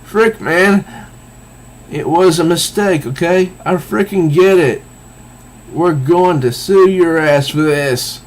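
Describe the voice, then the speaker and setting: A man's voice: mid-range voice, expressive, slow pace. A man voicing a panicky young man from a comic who stammers and pleads defensively.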